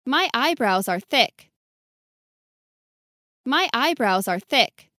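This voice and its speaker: A woman's voice: on the high side, animated, slow pace, pushed and bright, dry recording, clean studio sound. A woman reading short English phrases for learners, enunciating each one carefully and saying it twice. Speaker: English model reader.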